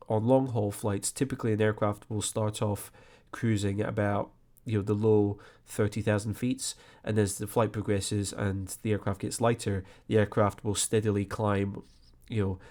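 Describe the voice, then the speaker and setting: A man with a lowish voice talks through flight planning software in an unhurried, relaxed way. He explains each step plainly, dropping in frequent ums and you-knows as he goes, like a screen-recorded tutorial. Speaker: flight sim tutorial host.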